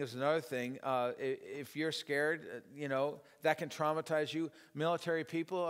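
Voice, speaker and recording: Speaking at a church teaching session, a middle-aged man wanders through his informal talk with self-deprecating humor, frequent fillers, and false starts. His voice is medium in pitch, clean, and a bit bright, and it rings with the long reverb of the church hall.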